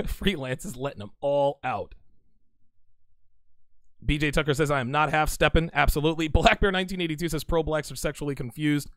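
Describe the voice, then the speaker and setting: A man's voice: a little high, fairly quick, a bit bright. A man hosting a casual live stream, reading viewer chat aloud and answering with blunt, teasing banter. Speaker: livestream host reading chat.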